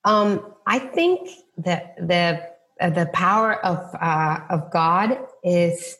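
A middle-aged woman who works as a real estate agent tells faith stories during an interview, voicing the people she quotes and restarting often. Her voice sits fairly low with a fairly bright tone, and she speaks extremely slowly.

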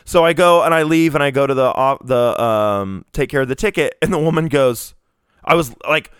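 A young man co-hosting a podcast, telling a story in a casual, animated way and acting out the quotes. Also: mid-range voice, moderate pace, clean tone, dry recording, clean studio sound. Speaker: podcast co-host. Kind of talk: casual chat.

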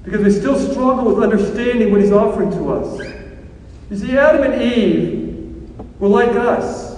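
Animated priest in an echoey hall. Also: male voice, very high-pitched, moderate pace. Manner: animated, swings from shouting to hushed. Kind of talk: sermon. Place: large church. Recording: echoey church hall from far off.

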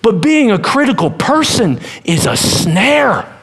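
A man preaching a sermon as pastor, animated, acting out voices and dropping to a hush at times. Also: high voice, slow, slightly rough.

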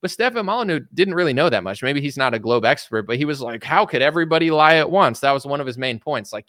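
A man's voice: medium pitch, bright, forceful tone, no room sound, clean studio sound. A young man talking casually in a rambling monologue as a podcast host, acting out little quoted voices as he goes.

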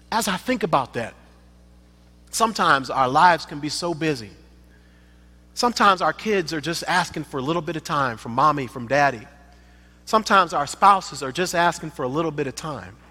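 A man's voice: on the high side, animated, normal speed, pauses often, bright, forceful tone. A man giving a sermon as a guest preacher, emphatic, repeating phrases for effect. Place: church sanctuary. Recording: reverberant church sanctuary.

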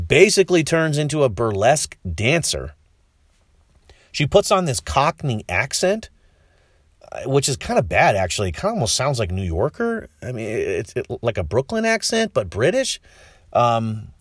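A man chats through a film review in a rambling way, with lots of restarts and wry asides. His pitch moves in a lively way. The voice sounds close and dry, with no room sound. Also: no echo. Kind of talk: casual spoken film review.

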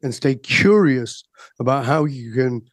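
A man's voice: medium pitch, expressive, a little slow, no room sound. A man guest on a podcast, speaking with emphatic, preachy conviction. His voice sits in an ordinary middle range and sounds close and dry, with no room around it. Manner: emphatic, rising to preachy intensity. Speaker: guest coach. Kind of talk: podcast interview.

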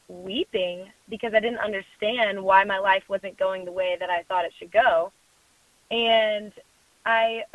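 A young adult woman, a guest in an interview, telling a personal story in a lively way, acting out other voices and laughing often. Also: medium pitch, dry recording. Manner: animated storyteller who acts out quoted voices and laughs often. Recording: phone-like dry sound.

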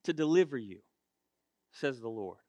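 A man preaching a sermon, emphatic and repetitive, building to shouts, with casual self-deprecating asides. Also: mid-range voice, expressive, normal speed, no room sound.

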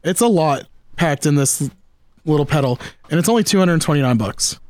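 A man hosts a casual gear chat, talking in a fairly high voice. He rambles and restarts often, and his excitement keeps spilling over. The sound is dry and close, with no room around it. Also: fairly quick, no echo. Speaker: podcast host.

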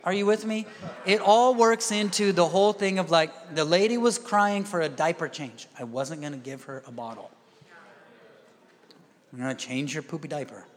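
A man preaching a sermon as a pastor, telling stories with acted-out quotes and often asking the crowd if they are with him. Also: on the high side. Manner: storytelling, acts out quoted voices; asks the crowd "are you with me?". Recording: long hall reverb.

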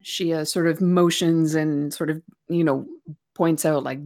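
A woman's voice: low-pitched, steady tone, a little slow, darkish tone. A woman player in a tabletop game, describing things in a rambling way with many fillers.

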